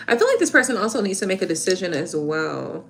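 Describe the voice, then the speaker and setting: A woman's voice: fairly low pitch, very animated, fast, vocal fry, a little hiss or hum. A young woman giving tarot readings on a live stream, chatting casually and emotionally with viewers.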